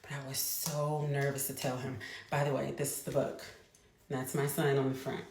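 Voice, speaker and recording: A woman's voice: extremely low pitch, little pitch movement, moderate pace, a little mellow. A woman in her thirties telling a personal story to the camera in a chatty way, speeding up in bursts and restarting her sentences. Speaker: mother. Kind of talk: casual storytelling vlog. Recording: echoey room.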